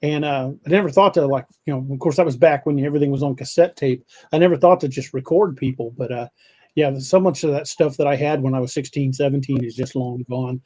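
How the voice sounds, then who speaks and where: A man's voice: mid-range voice, quick pace, a little mellow. A man hosting a live podcast, chatting casually and rambling with frequent restarts while he reads viewer comments. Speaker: podcast host.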